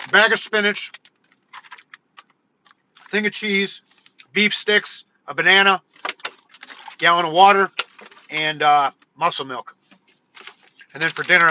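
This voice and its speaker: A man hosting his own livestream, chatting loosely and excitedly with viewers, full of "dude" and "bro". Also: sits high, measured pace, pauses often, muffled recording, slight background noise. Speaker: livestream host. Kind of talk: casual livestream chat.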